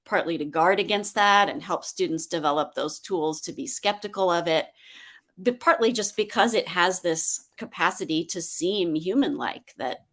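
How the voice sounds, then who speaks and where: A woman speaking as a panelist in a webinar discussion over a video call, thoughtful and measured, pausing with frequent ums. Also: low voice, a bit bright.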